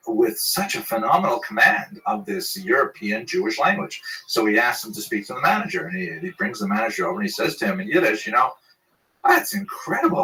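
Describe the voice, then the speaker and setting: Bright-voiced rabbi explaining jokes. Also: male voice, mid-range voice, far from the mic, poor audio. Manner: explanatory, self-amused, many fillers. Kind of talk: lecture on humor, telling jokes.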